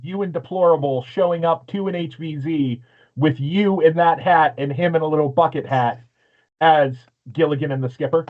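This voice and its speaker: A man's voice: a little high, moderate pace. Storytelling man on dull audio. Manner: storytelling, retells comedy bits. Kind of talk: joking livestream chat.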